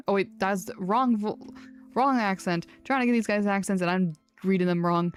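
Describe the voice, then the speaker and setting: A woman's voice: mid-range voice, moderate pace, clean tone. A woman telling a solo fantasy story, chatting casually between scenes in a self-mocking way and laughing easily.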